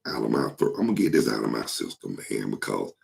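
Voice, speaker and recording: A man with a cold and a hoarse throat, rambling casually to his viewers in slangy, swear-filled talk. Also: a bass voice, very animated, fast, a little mellow, rough recording. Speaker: vlog host.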